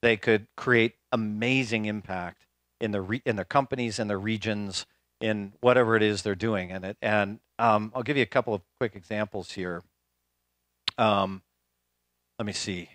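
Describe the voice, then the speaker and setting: A man with a fairly low voice gives a keynote at a conference, telling stories in a loose, chatty way full of "um"s and restarts. The sound is dry and close to the mic, with almost no room echo. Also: steady tone, moderate pace, a bit bright. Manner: casual storytelling with fillers and restarts. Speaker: speaker. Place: conference hall, live talk.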